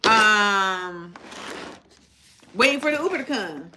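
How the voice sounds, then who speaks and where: A woman hosting a live stream, chatting casually and telling a story in a sassy, animated way, acting out the dialogue. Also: medium pitch, slow, slight background noise. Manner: animated, sassy, acts out quoted exchanges. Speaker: livestream host.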